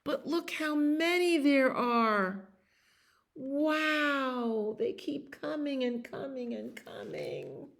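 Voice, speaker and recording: A woman putting on an excited squeaky little hamster. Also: extremely slow, creaky, full character voice.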